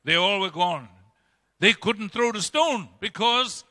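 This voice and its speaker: Bright-voiced preaching man in reverberant church. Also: a little slow. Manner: emphatic preaching with dramatic swings in pitch and loudness. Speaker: pastor. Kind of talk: sermon. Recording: long church-hall reverb.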